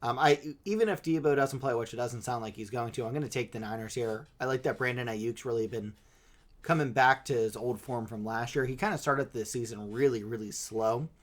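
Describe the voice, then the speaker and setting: A man's voice: medium pitch, brisk. A man in casual sports chat, analysing players and stats with hesitant fillers. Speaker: podcast co-host.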